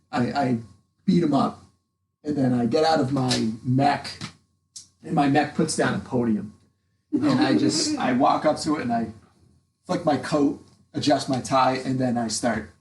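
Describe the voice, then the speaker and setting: A man's voice: mid-range voice, expressive, a little slow, echoey room, slight background noise, rough recording. A man playing a tabletop role-playing game, chatting casually and slipping into speeches for his character. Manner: playful, slips into character speeches. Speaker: player.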